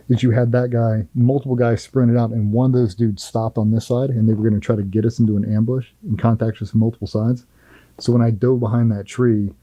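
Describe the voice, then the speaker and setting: A man's voice: on the low side, dark tone, lo-fi sound. A middle-aged man, a former Navy SEAL, telling a firsthand war story in an interview in a blunt, profane, vivid way.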